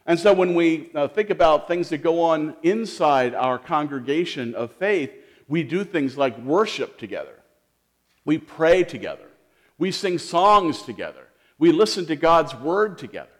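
A man leading a children's sermon as pastor in a church, gentle and lively, asking the kids questions with frequent restarts. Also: on the high side, a little slow. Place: church sanctuary.

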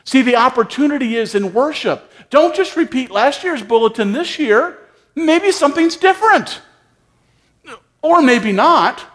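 Lively high-voiced man preaching. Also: measured pace. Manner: storytelling, acts out dialogue in character voices. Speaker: pastor. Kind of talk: sermon.

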